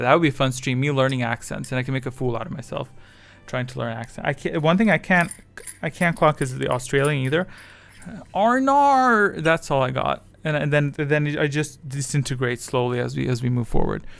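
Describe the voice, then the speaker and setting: A man's voice: medium pitch, steady tone, brisk, gravelly. A man chatting casually on his livestream, rambling and self-deprecating as his thoughts wander. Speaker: streamer.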